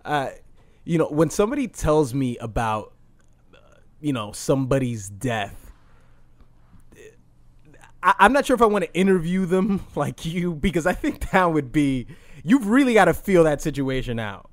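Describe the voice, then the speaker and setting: A young man hosting a casual podcast, rambling and swearing between laughs. His voice sits a little high, and the recording is dry and close with no room sound. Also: very animated, normal speed, long pauses, dry recording. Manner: rambling, crude, laughs often. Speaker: podcast host.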